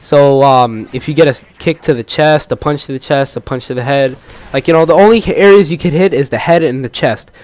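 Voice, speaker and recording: A man's voice: on the high side, fairly quick, darkish tone. A teenage guy hosting his own channel, telling a long story in a rambling way, full of fillers and restarts. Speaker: gaming channel host. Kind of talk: casual storytelling commentary.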